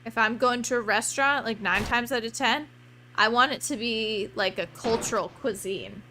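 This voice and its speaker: A woman streamer giving chatty, excitable let's play commentary full of rambling asides. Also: a little high, normal speed, a little hiss or hum.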